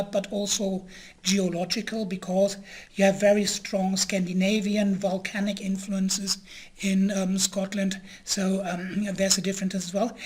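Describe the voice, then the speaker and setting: Hesitant male history lecturer. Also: high voice. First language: German. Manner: hesitant, many pauses and filler sounds; occasionally clears his throat.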